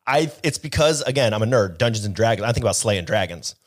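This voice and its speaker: A man's voice: lowish voice, expressive, fast. A man co-hosting a podcast in casual chat, joking and swearing freely. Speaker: podcast co-host.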